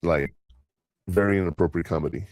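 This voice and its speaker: In a deep voice and at a fairly quick pace, an older podcast host rambles through casual stories, performing other people's lines in different voices. The recording is dry, with clean studio sound.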